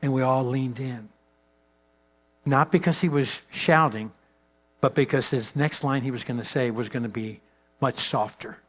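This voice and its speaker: A man speaking at a pastors' conference in a mid-range voice. He tells stories with animated energy, jumping up in pitch and volume, then pulling back to a hushed, slow delivery to make a point. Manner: animated storyteller, swings pitch and loudness. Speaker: guest speaker. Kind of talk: leadership talk to pastors.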